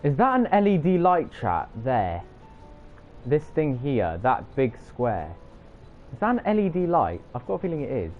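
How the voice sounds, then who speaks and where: A man's voice: on the high side, wildly swooping pitch, moderate pace. A young man, streaming a racing game and trading teasing, jokey banter with his chat. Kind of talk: live gameplay chat with viewers. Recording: slightly dull audio with music behind.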